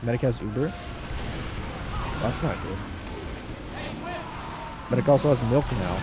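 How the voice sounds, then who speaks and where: A man's voice: medium pitch, measured pace, pauses often, music in the background. A man giving casual gameplay commentary as a YouTuber, rambling in a joking, self-deprecating way. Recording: game gunfire and noise over the voice.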